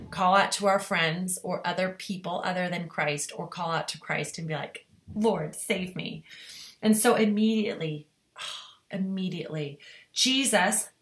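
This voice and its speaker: A woman's voice: on the high side, fairly bright tone. Earnest woman in her forties teaching. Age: 40s. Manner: earnest, emphatic storytelling with rising emphasis. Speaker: devotional leader. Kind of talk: devotional Bible teaching.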